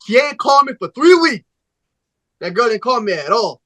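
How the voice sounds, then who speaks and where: Podcast host, male, animated storyteller who plays out every voice in his anecdotes; bright, edgy timbre, dry booth sound. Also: very high voice, normal speed, no echo. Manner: animated, profane storyteller, acts out both sides of conversations. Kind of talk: casual storytelling chat.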